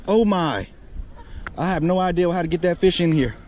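Brief: man fishing vlogger, slightly high voice, unhurried, repeats exclamations, loud outdoor noise. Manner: breathless, keeps exclaiming and repeating himself. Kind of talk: excited outdoor fishing narration. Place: riverbank outdoors.

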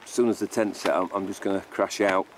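A man on an expedition speaking on camera, weary and halting. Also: low-pitched, fairly even intonation, slight background noise. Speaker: expedition participant. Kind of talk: reality confessional.

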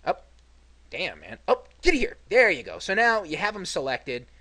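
A man's voice: high voice, big pitch swings, normal speed, pushed and bright. A man commentating his gameplay casually, sarcastic and grumbling, swearing freely.

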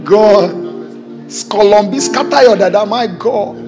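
A Nigerian man with a high voice preaches with exuberant, exclaiming energy and jokes with the congregation. His voice rings through a large hall with a long echo, and soft music sits beneath it. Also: a little slow. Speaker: pastor. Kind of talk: preaching a sermon. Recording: hall reverb with faint music.

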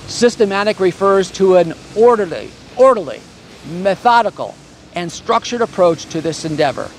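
A man imitating his old seminary professor, speaking slowly and formally in a measured, solemn lecturing manner. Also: sits high, slight background noise. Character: slow, formal older male seminary professor.

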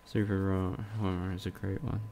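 A man's voice: low-pitched, level tone, normal speed, mellow, a little hiss or hum. A young man from Spain, chatting casually with his viewers and swearing freely while he streams a game. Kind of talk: casual live-stream commentary.

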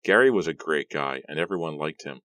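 A man narrating an audiobook in a steady, measured way. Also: a bass voice, dry recording. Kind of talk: scripted narration.

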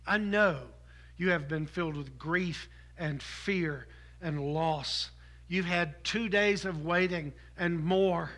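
A man preaching a sermon as pastor, earnest, moving from loud appeals to soft, intimate ones. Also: high voice.

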